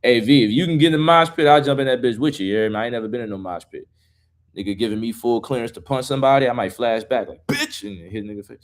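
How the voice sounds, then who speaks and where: A man's voice: medium pitch, fast. A man hosting a live stream in loose, profane casual chat, reading viewer questions and talking through his song.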